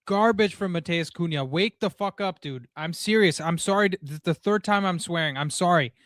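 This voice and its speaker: A man watching football live for his viewers and ranting his frustration with stammered restarts and curses. His voice sits a little high and sounds close and dry, with no room around it. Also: moderate pace, fairly bright tone, dry recording. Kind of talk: live match reaction. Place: home room.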